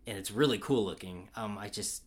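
A man co-hosting a casual film chat, excitable and rambling, with lots of fillers and restarts. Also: on the low side, brisk. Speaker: podcast co-host.

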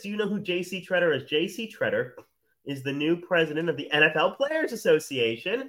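A man's voice: on the high side, big pitch swings, a little fast, bright, forceful tone. A man in his thirties hosting a live talk show, rambling and teasing in a casual monologue. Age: 30s. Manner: rambling, chatty, teasing, laughs often.

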